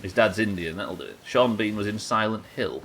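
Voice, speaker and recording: A man's voice: fairly low pitch, a little fast, a bit bright, slight background noise. A young man streaming a pirate game live, chatting with viewers and swearing casually. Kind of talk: live game commentary reading chat.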